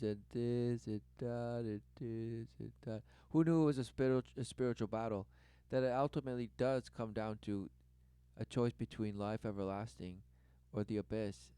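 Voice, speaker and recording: A man giving religious commentary over clips, repeating rhetorical questions and swinging between loud bursts and low mutters. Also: smooth, no echo. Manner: repetitive rhetorical, keeps asking "who knew". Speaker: online commentator.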